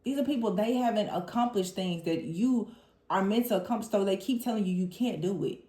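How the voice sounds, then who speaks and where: A woman talks through a tarot reading with lively exasperation, now and then mimicking the people she describes. Her voice sits in a middle range. The room around her adds a noticeable echo. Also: medium pitch, fairly quick. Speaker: tarot reader. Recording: roomy echo.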